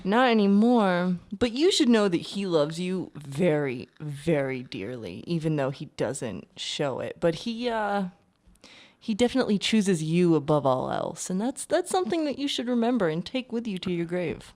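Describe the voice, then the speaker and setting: A woman voicing a cruel, smooth-talking noble lady villain in a tabletop role-play, falsely sweet and taunting. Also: fairly low pitch, animated, moderate pace, darkish tone. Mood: menacing sweet. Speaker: tabletop game player.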